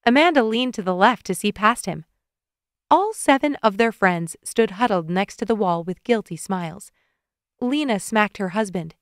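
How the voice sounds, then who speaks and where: A woman narrating a romance audiobook in a calm, even storytelling voice, recorded close on a studio mic. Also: mid-range voice, moderate pace, dry recording.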